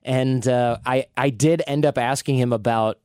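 A man's voice: mid-range voice, fairly even intonation, moderate pace, mellow, clean tone, dry recording. Chatty man on a dry mic. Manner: candid, chatty storyteller. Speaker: podcast guest. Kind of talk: casual interview chat.

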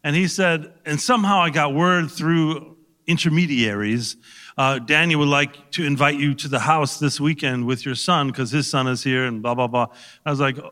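A man, an actor guest, telling an animated anecdote on a talk show, laughing and swearing now and then. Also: fairly high pitch, normal speed, big-room sound.

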